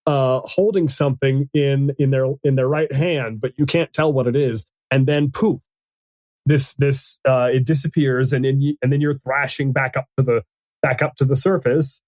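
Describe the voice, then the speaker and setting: A man running a tabletop game as game master, narrating in a halting way with many restarts and fillers. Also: medium pitch, fairly even intonation, a little mellow, no echo, low-quality recording.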